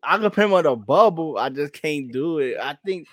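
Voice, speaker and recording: A man co-hosting a podcast in relaxed casual chat, laid-back with easy laughter. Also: a little high, normal speed, dry recording, studio quality. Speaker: podcast co-host.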